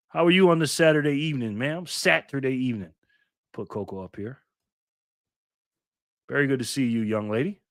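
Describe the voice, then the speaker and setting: A man's voice: dry recording, studio quality. A man hosting a casual livestream, reading viewer comments aloud in an upbeat, laid-back way and laughing often. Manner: upbeat, hypes up viewers with repeated "boom". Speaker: livestream host.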